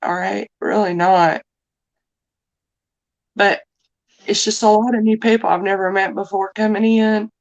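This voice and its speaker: This live stream host is a middle-aged woman with a drawl, running a loose chat at a slightly slow pace with long pauses and fairly even intonation. Her voice sits at medium pitch, and the audio has its highs cut off. She rambles, keeps apologizing and sounds emotional, openly wearing her feelings.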